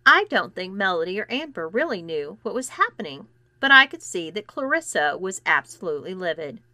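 A woman narrating a first-person story in an expressive, animated reading. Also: medium pitch, a little fast, dry recording.

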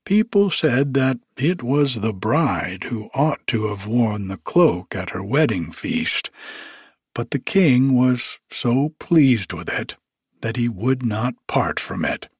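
A man reading a fairy tale aloud as a bedtime story, in an unhurried, expressive way. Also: medium pitch, husky, no room sound, studio quality.

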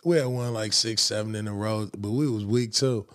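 A man's voice: lowish voice, steady tone, moderate pace. A man hosting a casual chat, a former basketball player who talks in slang and breaks into laughs. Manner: easygoing, slangy, trails off into laughter. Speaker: podcast host, former pro basketball player.

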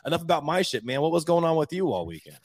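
A young man co-hosting a podcast, telling a story in casual chat, animated and quick to laugh, swearing now and then. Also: fairly high pitch, dry recording. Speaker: podcast co-host.

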